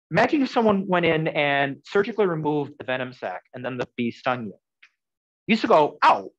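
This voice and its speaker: A man preaching a sermon in an earnest, conversational way, swinging from loud emphasis to soft, quiet lines. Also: a little high, lo-fi sound. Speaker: pastor.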